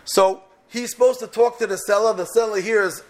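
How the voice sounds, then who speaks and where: A man giving an impassioned sermon on the Torah portion, swinging from loud rhetorical questions to soft, hushed lines and peppering his English with Hebrew terms. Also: sits high, fairly even intonation, moderate pace, slight background noise. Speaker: Torah teacher.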